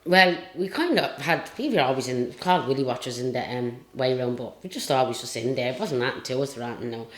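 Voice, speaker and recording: A woman's voice: a bass voice, lively intonation, fast, few pauses. An Irish woman and retired jockey telling stories in a casual interview, rambling and chatty with lots of fillers. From Ireland. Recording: roomy echo.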